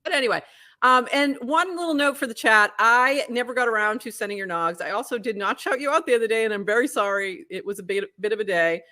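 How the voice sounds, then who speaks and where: A middle-aged woman from the Boston area, her Boston accent mostly softened, co-hosting a podcast in casual, laughing chat. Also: fairly high pitch, fast. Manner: chatty, laughs often, animated. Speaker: podcast co-host.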